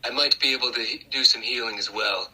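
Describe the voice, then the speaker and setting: A man with a bright, husky voice talks at a tabletop game. He thinks aloud and hesitates, often trailing off and starting over. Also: medium pitch, fast, low-quality recording. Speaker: player. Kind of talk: casual chat at a game table.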